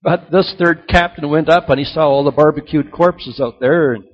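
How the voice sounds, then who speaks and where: A man preaching a sermon, telling stories and swinging between loud emphasis and soft, quiet drops. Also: a little high, moderate pace. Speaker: pastor. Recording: dull lo-fi recording.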